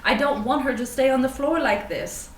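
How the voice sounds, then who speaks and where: A woman's voice: high voice, moderate pace. A woman playing her character at a tabletop game, pleading earnestly and hurriedly. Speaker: player. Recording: roomy, distant mic, faint hiss.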